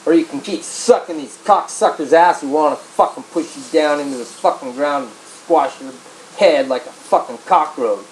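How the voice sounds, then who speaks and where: A man's voice: on the high side, normal speed, slight background noise, low-quality recording. A man ranting angrily and profanely to camera, repeating himself as he urges people on. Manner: angry, profane, repetitive. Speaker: video blogger. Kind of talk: profane political rant to camera.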